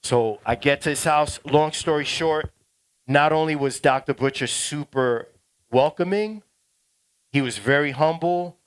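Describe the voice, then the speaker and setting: A middle-aged man, a DJ casually telling a slangy story to a workshop class, turning loud and excited. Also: fairly high pitch, a little slow, smooth. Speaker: DJ teaching a workshop.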